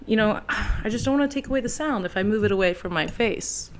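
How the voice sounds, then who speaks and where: A woman's voice: a little high, animated, quick pace. A woman in her twenties from Texas, hosting her own podcast and talking casually into a handheld mic, chatty and frank with the odd swear word. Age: 20s. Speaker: podcast host. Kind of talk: casual solo monologue. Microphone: handheld microphone.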